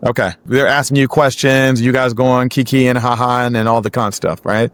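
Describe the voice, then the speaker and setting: A man's voice: mid-range voice, flat delivery, moderate pace, smooth. A man hosting an interview who asks easygoing, encouraging questions in a casual way. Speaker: podcast host.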